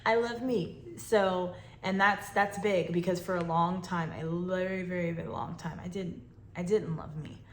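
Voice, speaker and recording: A woman's voice: lowish voice, steady tone, normal speed. A woman hosting a faith podcast, talking about personal pain, reflective and close to tears at times. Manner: emotional, fighting tears, reflective. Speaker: podcast host. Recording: echoey room with faint noise.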